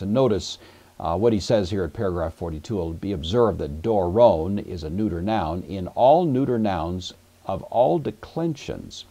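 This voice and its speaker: Deep-voiced man teaching a patient grammar lesson. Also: gravelly, mellow, husky. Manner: patient, methodical explaining with fillers. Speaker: Greek teacher. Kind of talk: classroom grammar lecture.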